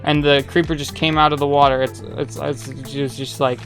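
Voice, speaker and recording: A man's voice: fairly high pitch, level tone, moderate pace, soft background music. A young man giving casual, rambling commentary on his gameplay, joking and chatting with his viewers. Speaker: gaming streamer.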